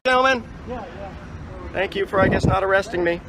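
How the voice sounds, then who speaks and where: A filmmaker talking casually and arguing sarcastically with officers. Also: male voice, high voice, fairly quick, noisy background. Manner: sarcastic, argumentative. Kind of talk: casual talk to camera.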